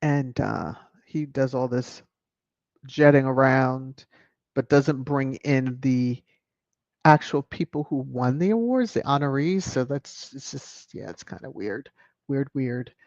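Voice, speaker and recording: A woman's voice: rumbling low, slow, a little mellow, no echo, muffled recording. A woman hosting a casual livestream, reading viewer comments aloud with a playful, teasing manner and frequent chuckles. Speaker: livestream host.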